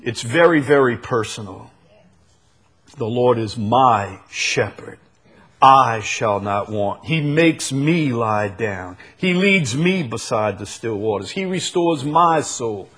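Slow, husky-voiced male preacher. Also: medium pitch, expressive, a bit bright. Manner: slow, emphatic preaching with repeated phrases. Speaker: pastor. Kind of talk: sermon.

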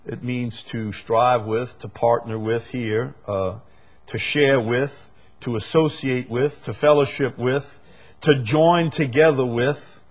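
Male preacher, husky voice, emphatic delivery that swells and drops. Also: mid-range voice, fairly even intonation, slow. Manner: emphatic, swings between loud peaks and quiet asides. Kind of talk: sermon.

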